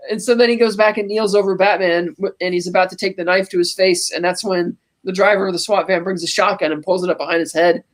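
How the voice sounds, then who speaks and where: This is a podcast co-host telling a film scene beat by beat over a video call. The delivery is chatty and animated. Bits of dialogue get quoted along the way. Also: medium pitch, quick pace, hardly any pauses. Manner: animated storytelling, quoting scenes in passing. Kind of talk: casual movie recap chat.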